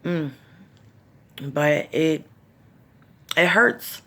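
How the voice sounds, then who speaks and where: A woman's voice: low voice, expressive, very slow, pushed and bright. A middle-aged woman vlogging about grief, raw and profane, holding back tears as she talks. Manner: raw, tearful, profane, speaks from the heart. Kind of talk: emotional personal vlog.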